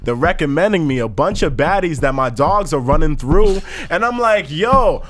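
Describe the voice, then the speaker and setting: A man's voice: on the high side, animated, moderate pace. A young man co-hosting a podcast, telling a story in loose, joking slang. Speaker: podcast co-host. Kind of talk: casual chat.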